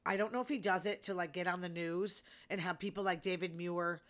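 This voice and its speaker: A woman's voice: on the low side, fairly even intonation, fairly quick. A middle-aged woman hosting a show, chatting casually and gossiping about reality TV with amused asides. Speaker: podcast host.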